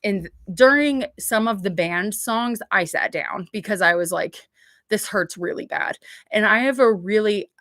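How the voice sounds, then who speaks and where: A woman's voice: mid-range voice, normal speed, few pauses, a bit bright, no echo. Chatty woman rambling on her livestream, lots of likes, swears, dry close sound. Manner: rambling, chatty, heavy on "like" fillers; blunt, swears freely. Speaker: livestream host. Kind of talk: casual livestream chat.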